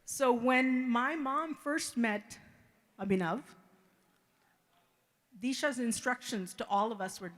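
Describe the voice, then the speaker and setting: A middle-aged woman, the bride's mother, giving an emotional wedding reception speech, halting and repeating words as she thanks the guests. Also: on the high side, fairly bright tone.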